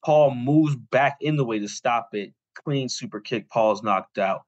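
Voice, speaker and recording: A man's voice: medium pitch, unhurried, no echo, muffled recording. A young adult man co-hosting a podcast, recapping a story in casual, rambling talk full of "like" fillers. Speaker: podcast co-host.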